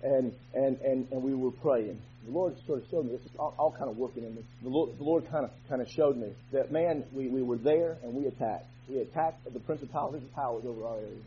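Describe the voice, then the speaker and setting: A male pastor preaching a fervent sermon in a church, moving from quiet talk to shouting. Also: medium pitch, quick pace, few pauses, a little hiss or hum. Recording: dull lo-fi recording.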